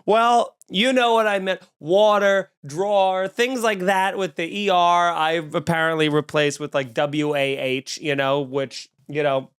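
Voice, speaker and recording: A man's voice: a little high, steady tone, measured pace, few pauses, a bit bright, clean tone. A man with a Long Island accent hosting a comedy podcast, talking in a snarky, sarcastic, rambling rant. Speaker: podcast host. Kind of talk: comedic ranting chat. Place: at home with windows open.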